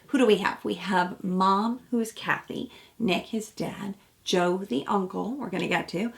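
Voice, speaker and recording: A woman therapist talks through a reality show episode in a relaxed, chatty way. Her voice has a gravelly, fry-edged texture. She slips into acted-out quotes of the people on screen. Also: mid-range voice. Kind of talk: casual commentary on a TV episode.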